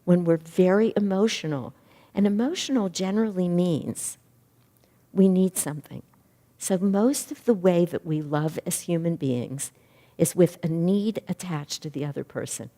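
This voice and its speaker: A woman's voice: fairly low pitch, normal speed. Middle-aged woman minister teaching a class, earnest and thoughtful, with a long echo from the hall. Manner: earnest, reflective, lively when retelling stories. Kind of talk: spiritual class talk.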